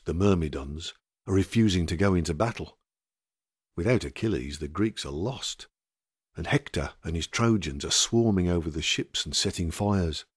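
Deep husky male narrator. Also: no room sound, studio quality. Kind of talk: scripted narration.

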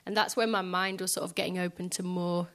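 A woman musician speaking softly and hesitantly in a reflective interview in front of a live audience, filling pauses with small filler phrases. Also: fairly low pitch, flat delivery. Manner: soft, hesitant, many fillers. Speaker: guest musician.

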